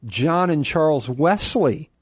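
A man speaking as a guest on a radio show, explaining things in an animated, self-deprecating way. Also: fairly high pitch, slow pace, husky, no echo, studio quality. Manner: animated, explanatory, laughs at himself. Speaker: guest, apologist.

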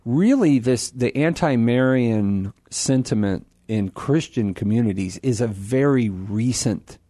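A man speaking as a guest on a radio show, explaining things in an animated, self-deprecating way. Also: medium pitch, measured pace, dry recording, studio quality. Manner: animated, explanatory, laughs at himself. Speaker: guest, apologist.

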